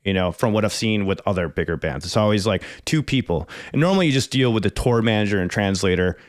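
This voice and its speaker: A man, a podcast co-host, telling a story in casual chat, animated and swearing, his voice climbing as he gets excited. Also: fairly low pitch, quick pace, dry recording, clean studio sound. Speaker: podcast co-host, sound engineer.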